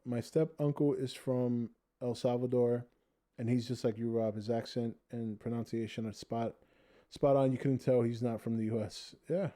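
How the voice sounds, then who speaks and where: Chill guy podcast host reading chat comments, mellow dark voice, jokey. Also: medium pitch, fairly even intonation, normal speed. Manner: laid-back, jokey, reads viewer comments aloud. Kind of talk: casual chat.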